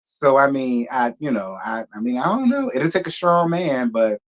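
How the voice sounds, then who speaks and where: A man's voice: mid-range voice, animated, moderate pace, lo-fi sound. A man hosting a casual reaction commentary, talking bluntly and rambling, with slang and swearing. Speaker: commentary host.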